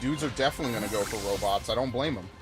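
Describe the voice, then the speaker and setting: A man's voice: mid-range voice, very fast. A man giving profane, ranting let's-play commentary while reacting to chat comments. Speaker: gaming YouTuber. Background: game music.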